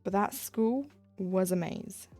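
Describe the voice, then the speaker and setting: A young woman on a live stream chats casually while doing cross-stitch, telling rambling stories from school, laughing and quoting herself. Her medium-pitched voice is slow and a little mellow, with faint music behind her.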